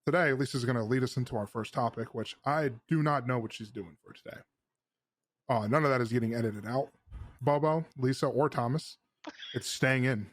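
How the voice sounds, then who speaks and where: A man's voice: medium pitch, moderate pace, no room sound. A man hosting a casual gaming podcast, rambling and laughing at himself. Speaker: podcast host. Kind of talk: casual chat.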